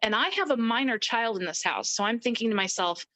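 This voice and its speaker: A middle-aged woman telling her personal story as an interview guest, animated and acting out the voices of people she quotes. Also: on the high side, fairly quick, poor audio. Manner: animated, acts out quoted speech.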